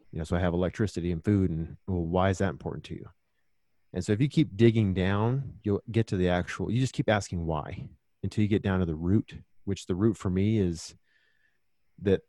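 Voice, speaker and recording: A man's voice: deep voice, warm tone, dry recording. A man talking earnestly and reflectively as a podcast guest, telling stories from his own life in a casual conversation.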